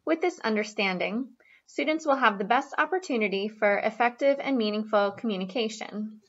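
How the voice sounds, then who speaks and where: Woman, fairly high voice, reading presentation script, even delivery, dull muffled sound. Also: normal speed. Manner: reads a prepared script evenly. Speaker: student presenter. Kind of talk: classroom presentation.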